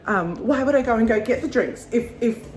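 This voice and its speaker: A woman's voice: on the high side, lively intonation, fairly quick, darkish tone, slight background noise, natural voice. A woman mimicking a defensive, snippy adult woman volunteer with curt, huffy retorts.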